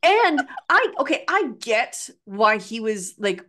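A middle-aged woman co-hosting a casual fan podcast, animated and acting out characters' lines as she talks. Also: a little high, a little slow. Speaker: podcast co-host.

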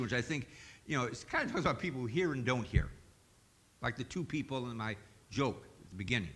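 A man's voice: medium pitch, pushed and bright. A male pastor preaching a sermon in a folksy, joking storytelling manner in a church.

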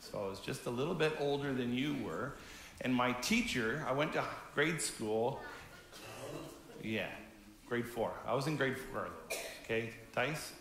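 A man in his fifties, a pastor from Canada, giving a gentle, conversational children's message during a church service. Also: mid-range voice, measured pace, reverberant. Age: 50s. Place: church sanctuary.

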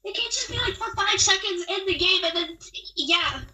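A woman chatting casually while gaming with friends, stammering and halting, with a teasing edge. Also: extremely high pitch, expressive, pushed and bright, poor audio. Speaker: friend playing along.

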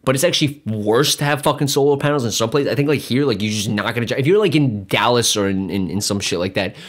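A man's voice: medium pitch, fast. A man hosting a podcast, ranting in a rambling, profane, sarcastic monologue. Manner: profane, rambling, sarcastic, jumps between mock voices. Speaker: podcast host.

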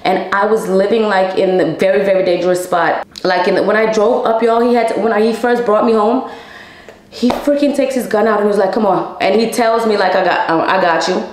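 A woman's voice: medium pitch, echoey room, poor audio. A young woman telling a personal story to her viewers in a candid, emotional way, swearing freely and calling them y'all. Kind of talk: casual storytime.

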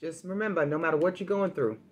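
A woman hosting a casual food vlog, talking straight to her viewers and telling a story in a lively, chatty way. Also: fairly low pitch, fast, slight background noise. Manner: chatty, addresses viewers directly, animated storytelling. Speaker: food vlogger.

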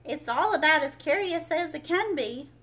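Storybook Gryphon, impatient and solemn, high bright voice, read by a woman. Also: animated. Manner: brisk, impatient.

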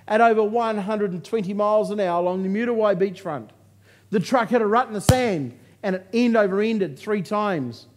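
On stage before a live crowd, a male motivational speaker delivers his talk in a high voice at a moderate pace, with noise in the background. His storytelling is funny and punchy, peppered with jokes.

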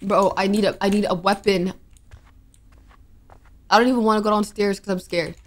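A woman's voice: medium pitch, steady tone, normal speed. A young woman narrating her own horror game play, jumpy and nervous, reacting with gasps and worried asides. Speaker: gaming streamer. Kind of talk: let's play commentary.

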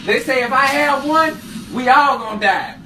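A man's voice: extremely high pitch, moderate pace, reverberant, far from the mic, loud music behind the voice. A man in a comic skit, defensive and incredulous.

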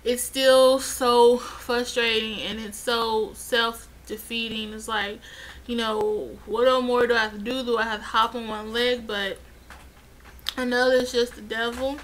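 A woman's voice: on the high side, little pitch movement, a little slow, a bit bright, poor audio. A young woman chatting casually in a vlog, rambling and getting heated as she retells events. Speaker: vlogger.

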